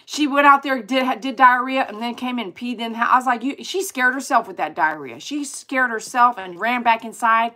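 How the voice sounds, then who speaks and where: A woman chatting casually with viewers on her livestream, animated and exclaiming as she reads comments aloud. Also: a little high, moderate pace, few pauses. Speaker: dog groomer hosting a livestream.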